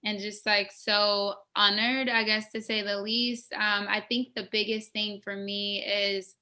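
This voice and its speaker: A woman's voice: medium pitch, little pitch movement, unhurried, sharp tone. A woman actress from West Africa, telling stories from her career in a casual, enthusiastic interview. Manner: enthusiastic, storytelling, restarts often.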